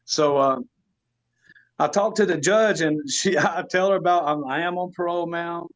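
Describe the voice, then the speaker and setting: Lively man telling a story. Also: on the high side, moderate pace. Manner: animated, laughing storyteller with Southern US slang. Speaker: podcast guest. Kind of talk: casual storytelling.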